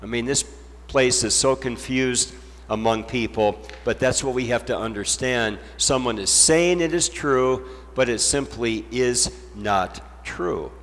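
A man preaching a sermon as pastor, deliberate and emphatic, stressing points through repetition. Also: medium pitch, a bit bright, long reverb tail.

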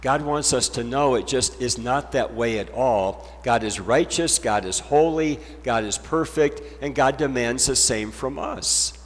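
A man preaching a sermon as pastor, deliberate and emphatic, stressing points through repetition. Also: mid-range voice, in a large hall.

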